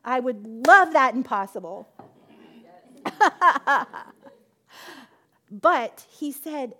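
A woman's voice: high voice, animated, slow pace, pauses often, sharp tone. A woman giving a personal testimony in church, acting out both sides of her conversations with God and laughing at herself often.

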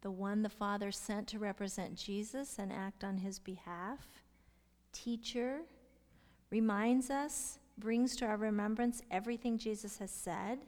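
A middle-aged woman teaching a Bible study, asking her listeners questions and sometimes dropping into soft whispers to stress a point. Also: medium pitch, fairly even intonation, unhurried. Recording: long hall reverb.

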